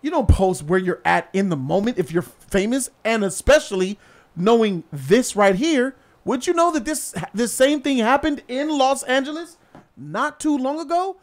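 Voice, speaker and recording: A man's voice: extremely high pitch, lively intonation, normal speed. A man hosting a casual vlog and giving blunt, slangy street commentary. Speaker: vlog host. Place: outdoors in a city.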